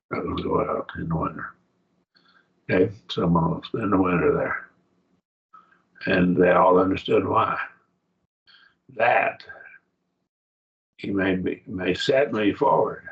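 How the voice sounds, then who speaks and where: A man's voice: deep voice, gravelly, fairly bright tone, highs cut off. A man teaching a college-level Bible study class, taking his time as he works through Greek grammar point by point and checking in with his students.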